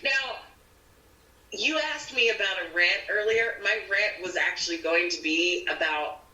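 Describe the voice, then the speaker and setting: Speaking at a measured pace with a mid-range voice, a woman actor guesting on a podcast chats casually through her stories. She's animated and performs the voices of the people she quotes, and the distant mic gives the recording a roomy sound.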